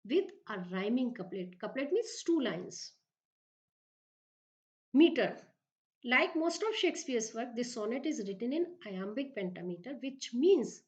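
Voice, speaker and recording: A woman with an Indian English accent giving a slow, repetitive English literature lecture as a professor, often asking if the class is clear. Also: fairly high pitch. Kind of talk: recorded lecture. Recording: dull lo-fi recording.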